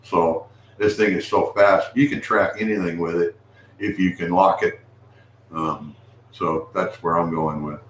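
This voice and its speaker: A man's voice: deep voice, fairly even intonation, a little slow. A man hosting a casual live stream, rambling with restarts and calling out to viewers. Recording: echoey room with faint noise.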